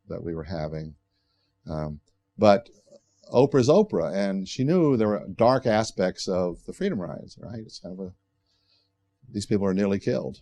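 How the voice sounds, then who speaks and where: A man's voice: deep voice, mellow. An older man giving a bookstore book talk, telling a story in a conversational, digressive way with frequent restarts. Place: bookstore event space.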